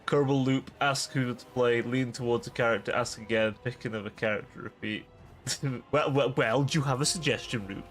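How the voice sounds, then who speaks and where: Young male streamer, casual and jokey, mid-pitched, talks to chat. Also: normal speed, faint music behind. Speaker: live game streamer.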